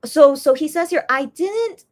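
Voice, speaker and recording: A young woman chatting casually on a live stream, reading viewer comments and translating messages with frequent pauses and restarts. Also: high-pitched, expressive, darkish tone. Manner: hesitant, many restarts while translating.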